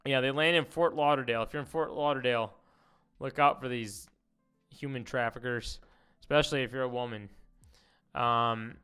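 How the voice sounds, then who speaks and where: A man's voice: medium pitch, fairly bright tone, clear, resonant tone. A man streaming casual commentary, rambling, swearing and reading posts aloud.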